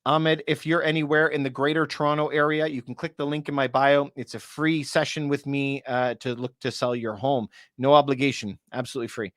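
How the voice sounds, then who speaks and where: Speaking in a level, slightly bright mid-range voice, this real estate broker chats with his livestream audience, answering people by name with quick asides in between. He's talked so much that his voice is going. The audio is studio quality with no room sound.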